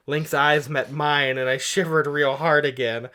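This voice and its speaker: A man's voice: fairly high pitch, steady tone, slow pace, bright, forceful tone. A man co-hosting a radio show, reading fan fiction aloud with comic asides and amused laughter.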